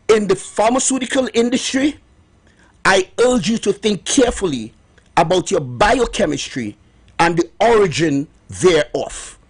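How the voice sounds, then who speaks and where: A middle-aged man with a Trinidadian accent hosting morning radio talk, emphatic and repeating his points slowly. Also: sits high, husky. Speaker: radio host promoting herbal remedies.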